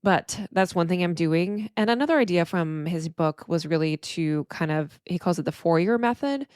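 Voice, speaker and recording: A middle-aged woman therapist hosts her podcast solo, reflecting candidly and emotionally and restarting frequently. Her fairly low voice is animated, a little mellow and clean in tone, at a moderate pace. The studio sound is clean, with no echo.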